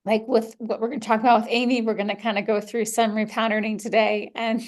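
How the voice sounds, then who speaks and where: A young woman with a somewhat high voice hosts a personal podcast. She talks candidly and with animation, dropping casual swears and quick laughs as she tells her story. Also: level tone. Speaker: podcast host.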